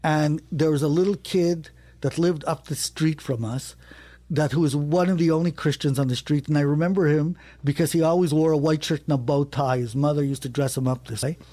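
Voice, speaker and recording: A man spins a personal story with lively, restless energy. His voice sits a bit high and leaps higher when he is excited, and he often restarts mid-phrase. The sound is close and dry, with no room around it. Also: fairly quick, no echo. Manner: animated, rising sharply when excited, with self-corrections. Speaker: storyteller guest. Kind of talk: conversational anecdote.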